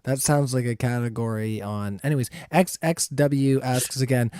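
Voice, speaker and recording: A man moderating a livestream debate and reading out viewer questions, with a mellow, warm tone. He laughs easily. His voice comes through dry, with no room sound. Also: mid-range voice, normal speed, hardly any pauses, clean tone, no echo.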